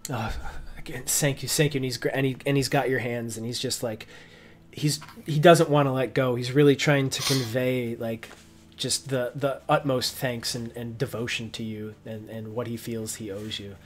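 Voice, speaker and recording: A man's voice: medium pitch, fairly even intonation, normal speed. A man narrating as game master of a tabletop game, rambling with many restarts and fillers.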